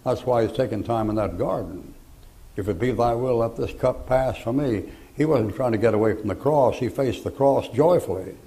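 An older man preaching a sermon, telling folksy stories between loud bursts of preaching. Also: medium pitch, creaky.

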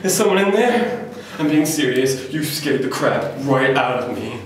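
A man's voice: medium pitch, sing-song, unhurried, pitched below the performer's own voice. A man voicing a startled stranger in a neighboring bathroom stall who pleads nervously, then with mock solemnity. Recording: very echoey room, mic far off.

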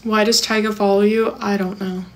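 Chatting on her livestream, a young Californian woman reads out comments and rambles through her replies, loaded with "like" and "um." Her mid-range voice holds a level tone at a moderate pace.

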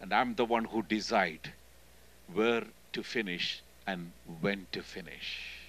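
Bright-voiced Indian-accented preacher. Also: male voice, lowish voice, measured pace, poor audio. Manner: emphatic, often calling "hello?" to the congregation; swings between loud and hushed delivery. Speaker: guest preacher. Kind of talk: sermon. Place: church.

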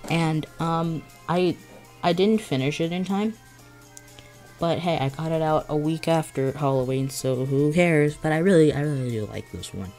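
A casual vlogger with a mid-range voice, rambling along in a giddy way and often restarting sentences. They talk through a headache in a loose, offhand manner. Soft music plays faintly underneath. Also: mid-range voice, moderate pace. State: has a headache. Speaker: video creator. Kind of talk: casual vlog commentary.

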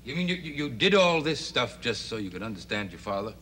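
A man's voice: medium pitch, sing-song, fast talker, pushed and bright, slight background noise. A middle-aged actor playing a blunt, skeptical father in a 1960s TV drama, asking pointed questions.

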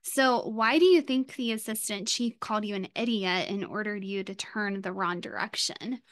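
A woman's voice: medium pitch, moderate pace. A woman co-hosting a podcast, giving short reactions and asking follow-up questions. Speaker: podcast co-host. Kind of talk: casual chat.

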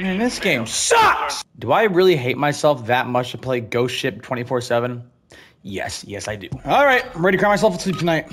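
Young guy yelling over a shooter game, voice jumps all over, gunfire loud underneath. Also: sits high, moderate pace, very noisy. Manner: loud, excitable, crude, jokey, yelps and shouts. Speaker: gaming video creator. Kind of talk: casual gameplay commentary.

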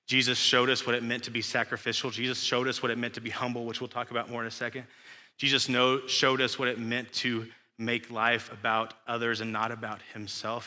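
A man's voice: mid-range voice, bright, forceful tone. Young male preacher in an echoey hall. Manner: conversational, emphatic, rhetorical questions. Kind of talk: sermon. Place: church sanctuary.

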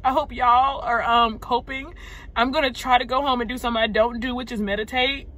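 Upset woman venting, bright forceful voice. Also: a little high, fairly even intonation. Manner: halting, sighing, repeating words. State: upset and shaken. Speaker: vlogger. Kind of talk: unscripted emotional vent to camera. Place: parked car in a parking lot.

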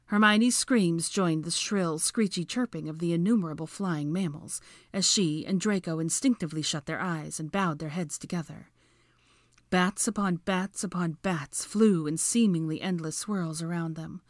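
Woman reading a story out loud, lowish voice, very dry close sound. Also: moderate pace, dry recording. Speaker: fanfiction reader. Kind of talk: scripted narration.

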